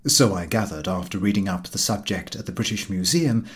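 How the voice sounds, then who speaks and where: A man reading a humorous novel aloud as an audiobook, with a wry and expressive delivery. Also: fairly low pitch, a little fast. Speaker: audiobook reader.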